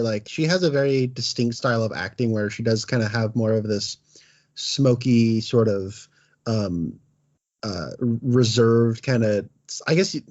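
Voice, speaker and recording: Man, podcast co-host, hesitant and self-deprecating, medium pitch, muffled lo-fi audio. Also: darkish tone. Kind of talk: casual film discussion.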